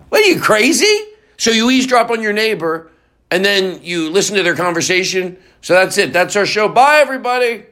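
A man's voice: high-pitched, a bit bright. A man hosting his own show, rambling and cursing in loose comedic banter, now and then singing off-key. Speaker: show host.

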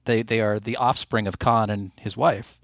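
A man's voice: fairly low pitch, fairly even intonation, moderate pace, no room sound. A man co-hosting a casual film podcast, dropping dry, jokey quips. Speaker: podcast co-host. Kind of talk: casual chat about a film.

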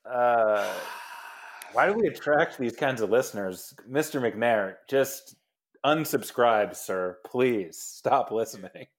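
Mid-pitched man hosting a comedy podcast. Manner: laughing, halting, self-interrupting. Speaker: podcast host. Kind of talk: casual comedic podcast chat.

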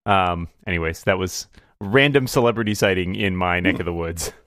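A man's voice: low-pitched, normal speed, fairly bright tone, dry recording, clean studio sound. A man co-hosting a casual tech podcast, rambling with lots of fillers and frequent laughs. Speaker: podcast co-host.

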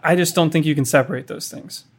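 A man's voice: on the high side, fast talker, gravelly, slightly rough. A man co-hosting a casual podcast discussion, explaining things and offering reasoned counterpoints. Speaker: podcast co-host.

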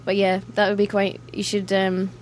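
A woman's voice: medium pitch, completely flat delivery, normal speed, slight background noise. A young woman with a Scottish accent, a band member chatting casually in an interview, laughing often and acting out quoted voices.

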